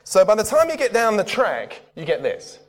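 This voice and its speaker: Animated preacher man in a reverberant hall. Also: sits high, normal speed. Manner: conversational, asks the crowd questions. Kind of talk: sermon.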